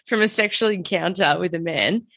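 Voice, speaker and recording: A woman's voice: lowish voice, normal speed, fairly bright tone. A woman hosting an interview, asking questions and reacting with emphatic indignation. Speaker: podcast host. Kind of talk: casual interview conversation.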